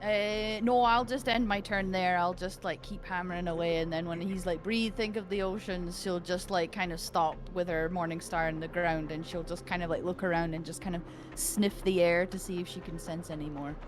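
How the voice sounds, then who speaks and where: A woman plays at a tabletop game, describing her character's moves casually. Her voice sits on the low side, and soft music runs underneath. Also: flat delivery, normal speed. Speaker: player.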